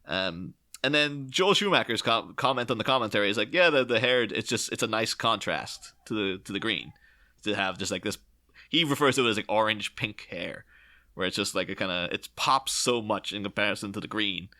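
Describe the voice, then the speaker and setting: A man's voice: lowish voice, fairly quick. A man hosting a casual film podcast, acting out lines as he talks. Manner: animated, acts out quotes. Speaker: podcast host.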